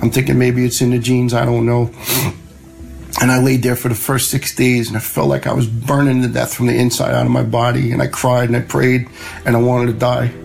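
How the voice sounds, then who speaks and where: A middle-aged man, telling a personal story in a plain, conversational way and quoting others in lively voices. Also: medium pitch, brisk, gravelly, faint music behind, rough recording. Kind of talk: personal story told to a host.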